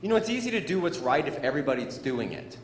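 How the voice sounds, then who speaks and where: A middle-aged man giving a playful, animated storytelling speech to students as a motivational speaker, in a large school hall. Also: on the high side, fast. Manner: animated, playful, acts out sound effects. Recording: echoey hall with faint room noise.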